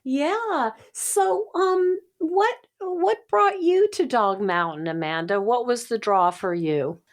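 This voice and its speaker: A woman interviewing a guest, gentle and encouraging with soft affirmations. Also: fairly high pitch, slow.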